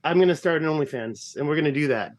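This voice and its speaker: A man's voice: on the high side, fast talker. Joking, rambling man in his fifties. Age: 50s. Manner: joking, rambling, self-deprecating. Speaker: guest explorer and researcher. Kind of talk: casual podcast chat.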